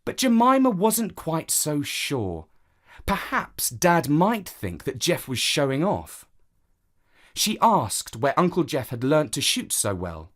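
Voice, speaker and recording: Male storyteller, unhurried, lively pitch, reading a kids' tale. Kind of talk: children's story narration.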